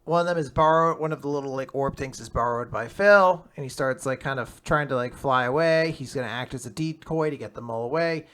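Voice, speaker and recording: Male podcast co-host, mid-range and bright, animated storyteller who voices the characters as he goes. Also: mid-range voice, clean tone. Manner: animated retelling, quickly switching into quoted voices. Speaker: podcast co-host recapping manga. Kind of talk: casual podcast chat.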